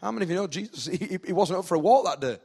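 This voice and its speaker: A man with a northern English accent preaching a sermon, animated, acting out the people in the story with rising intensity. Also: sits high, very fast, creaky, slightly rough. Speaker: pastor.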